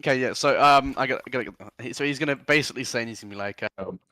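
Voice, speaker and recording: A male player at a tabletop game with an ordinary mid-range voice. He talks quickly and loosely, full of fillers, on a dry, close mic. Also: mid-range voice, bright, forceful tone, no echo. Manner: fast, curious questions with fillers. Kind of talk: casual tabletop game chat.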